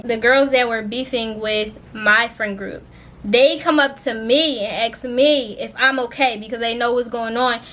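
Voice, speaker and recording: A young woman vlogger telling a story in a casual storytime style, expressive and full of slang and swearing. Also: a little high.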